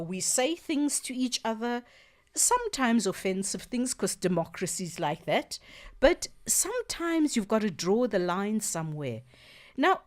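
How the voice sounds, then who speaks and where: A woman hosting a radio talk show, speaking earnestly and emphatically as she thinks aloud in the studio. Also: medium pitch.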